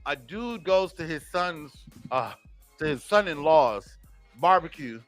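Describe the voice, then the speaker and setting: A man co-hosting a morning radio show, ranting comedically and swinging from loud outbursts to low mutters. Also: animated, measured pace, faint music behind. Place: radio studio. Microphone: studio microphone.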